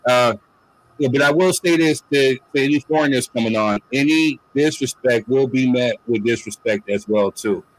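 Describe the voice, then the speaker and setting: Male host, casual chat, relaxed filler-heavy delivery, mid pitch. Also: moderate pace, rough recording. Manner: laid-back, loose, repeats "you know what I'm saying". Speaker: podcast host.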